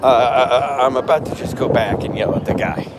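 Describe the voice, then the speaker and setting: A man's voice: mid-range voice, brisk. Brash ranting man on a noisy street. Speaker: livestream host. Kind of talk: walking livestream vlog. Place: outdoors around a stadium. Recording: noisy outdoor street sound.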